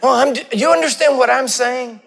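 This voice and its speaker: A preacher delivering a sermon, his voice sitting high for a man. He tells stories and acts out the dialogue, sliding his voice far up and down as he goes. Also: normal speed, gravelly, a bit bright, slight background noise. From Texas. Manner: storytelling, acting out dialogue with wide swings in pitch.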